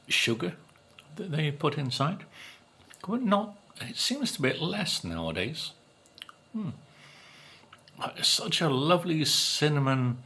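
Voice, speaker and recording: A man from Britain tasting cakes on his food vlog, talking slowly and musing, humming as he savors each bite. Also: on the high side, bright, forceful tone, breathy edge. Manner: slow, musing, savoring with hums between bites. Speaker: food vlogger.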